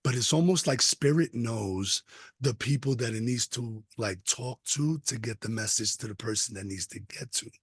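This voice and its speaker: A man's voice: medium pitch, moderate pace, slightly rough, no echo. A man on a podcast telling a personal story in an earnest, emphatic, casual way. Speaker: podcast guest.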